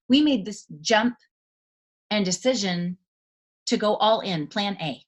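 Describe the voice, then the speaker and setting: A woman's voice: mid-range voice, a little slow, long pauses. A woman giving a motivational talk to her sales team in a chatty, folksy, emphatic way. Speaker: network marketing team leader.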